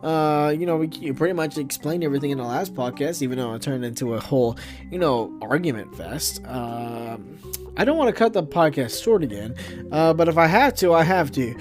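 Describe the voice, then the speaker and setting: A man's voice: fairly high pitch, lively intonation, a little fast, over music. A man hosting a late-night comedy podcast, chatting with hesitant, laughing delivery. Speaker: podcast host. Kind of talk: comedic skit chat.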